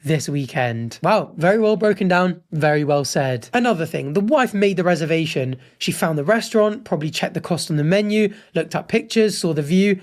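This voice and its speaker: A man with a fairly high voice reads out online posts in a relaxed commentary style. He breaks in often with blunt, frank reactions and verdicts. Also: moderate pace, hardly any pauses. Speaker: host reading and judging online posts. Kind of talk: casual commentary.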